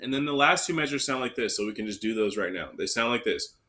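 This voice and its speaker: A man's voice: medium pitch, lively intonation, fast talker, bright, forceful tone, faint music behind. A man teaching an elementary recorder lesson, counting students in and calling out note names step by step. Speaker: music teacher.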